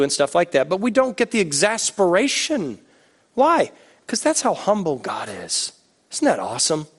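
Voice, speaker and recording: A young man preaching a sermon as pastor, animated and joking, turning slow and hushed when he prays. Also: on the high side.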